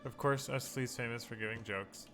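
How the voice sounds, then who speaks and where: A man reading aloud as a friendly old flea who leads a caravan, in quaint broken phrasing and a hushed voice. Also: medium pitch, fairly even intonation, moderate pace, over music, voice pushed down, lightly acted. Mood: warm, welcoming.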